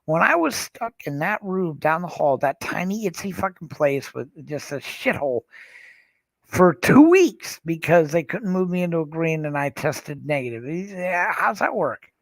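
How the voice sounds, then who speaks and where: Gravelly, blunt man ranting on a livestream. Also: fairly high pitch, very animated, moderate pace, dry recording, low-quality recording. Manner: blunt, profane, rambling with restarts. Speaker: livestream host. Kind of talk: casual livestream rant. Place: room in a care facility.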